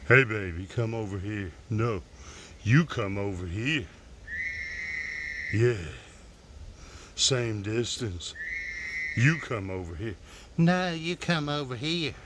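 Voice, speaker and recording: A man's voice: fairly low pitch, expressive, takes it slowly, pauses often, noisy background, pitched below the performer's own voice. A man voicing a bickering frog couple, coaxing each other back and forth with stubborn calls.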